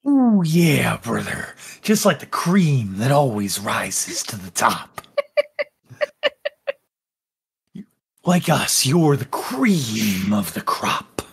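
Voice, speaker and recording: A man doing a slow, drawling prison inmate. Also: medium pitch, sing-song, creaky, slightly rough, full character voice. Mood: smug. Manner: drawling, slow and chummy, says bud and brother. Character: sly grinning male prison inmate.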